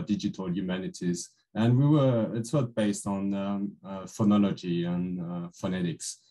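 A man's voice: fairly low pitch, warm tone, low-quality recording. A man speaking as a webinar panelist on a video call, hesitant and full of fillers.

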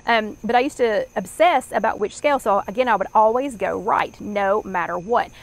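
A woman's voice: mid-range voice, moderate pace, vocal fry, poor audio. A middle-aged woman with a Southern US accent, hosting a live online workshop chat in a rambling, chatty way with many fillers. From American South.

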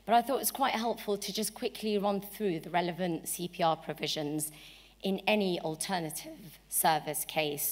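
A woman with a cold and a croaky voice, giving a measured legal seminar talk with frequent ums. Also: lowish voice. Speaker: barrister giving a lecture. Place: lecture hall. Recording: long hall reverb.

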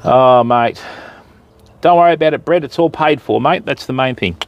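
Chatty Australian fishing streamer. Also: male voice, mid-range voice, normal speed, lo-fi sound. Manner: jokey, chatty, greets viewers by name. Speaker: fishing livestream host. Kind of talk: casual live-stream chat. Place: outdoors by a river.

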